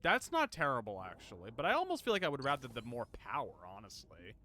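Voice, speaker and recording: A man's voice: mid-range voice, huge pitch swings, fast talker, bright, forceful tone. A man streaming a game, chatting casually, reading game text aloud and laughing often. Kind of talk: casual gameplay commentary.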